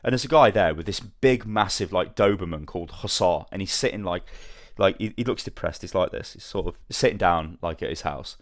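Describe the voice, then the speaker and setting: A man hosting a casual podcast, telling an animated story and swearing freely. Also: low voice, fairly quick, few pauses, dry recording, studio quality. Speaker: podcast host. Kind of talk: casual chat.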